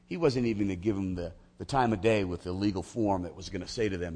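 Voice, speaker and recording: A man's voice: low voice, fast talker, few pauses. A man preaching a sermon to his congregation, telling a biblical story with energy and acting out the characters' voices. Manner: animated, acts out voices of biblical figures. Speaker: pastor.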